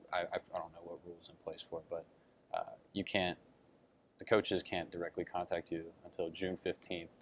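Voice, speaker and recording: A man's voice: low-pitched, slight background noise. A young man answering interview questions about being recruited, telling his story earnestly with lots of fillers and retold quotes. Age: young adult. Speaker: college basketball recruit.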